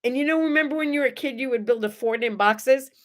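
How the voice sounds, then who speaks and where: Middle-aged woman host, lively and chatty, fairly high pitch, talks straight to viewers. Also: fast. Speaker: morning show host. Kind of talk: casual chat and storytelling.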